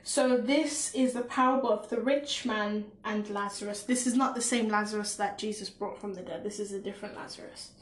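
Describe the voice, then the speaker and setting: A woman's voice: mid-range voice, steady tone, a little fast, hardly any pauses. A woman with a Caribbean accent preaching emphatically and reading scripture on a podcast. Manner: emphatic, bold, repeats points. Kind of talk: informal sermon and scripture reading. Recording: roomy echo.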